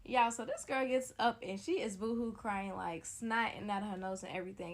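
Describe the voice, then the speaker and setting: A young woman with a gravelly, creaky edge tells a personal story to camera, casual and dramatic, talking straight to her viewers. Her pitch sits in an ordinary middle range. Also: a little fast, hardly any pauses. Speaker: storytime vlogger.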